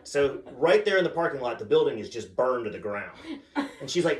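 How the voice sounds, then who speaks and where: A male comedian works a club stage with a bouncy, animated delivery. His pitch sits a little high and swings widely. He drops his punchlines deadpan, and the sound is roomy and slightly distant from the mic. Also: a little fast, a crowd in the background. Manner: deadpan punchlines, acts out a chanting child. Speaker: stand-up comedian. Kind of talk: stand-up storytelling.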